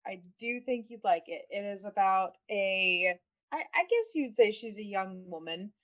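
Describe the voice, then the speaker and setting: A woman's voice: mid-range voice, lively intonation, a little slow, highs cut off. A woman co-hosting a podcast, chatting casually and laughing often, with plenty of fillers. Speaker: podcast co-host.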